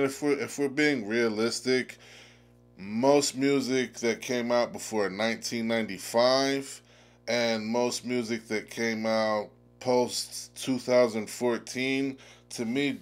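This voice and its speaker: A man with a lowish voice delivers an opinionated commentary to his viewers. He speaks emphatically and casually, dropping in the odd filler as he builds his case. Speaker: video essayist host.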